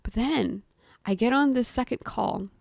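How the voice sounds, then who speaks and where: A woman's voice: a little high, measured pace, creaky, no room sound. Chatty young woman telling a story. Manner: animated, acts out quotes of herself and others; chatty, frequent "like" fillers. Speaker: guest storyteller. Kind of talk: casual storytelling conversation.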